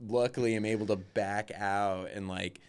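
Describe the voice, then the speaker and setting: Deep-voiced, smooth-toned young musician. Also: male voice, fairly even intonation, normal speed. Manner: rambling, swears a lot, lots of "like". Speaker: band guitarist and vocalist, guest. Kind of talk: casual tour storytelling.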